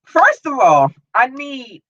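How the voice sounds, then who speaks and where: A woman's voice: high-pitched, big pitch swings, takes it slowly, a bit bright, no echo. A woman hosting a podcast, ranting in a blunt, profane, fired-up way, with dull lo-fi sound. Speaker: podcast host. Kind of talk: live podcast rant. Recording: dull lo-fi audio.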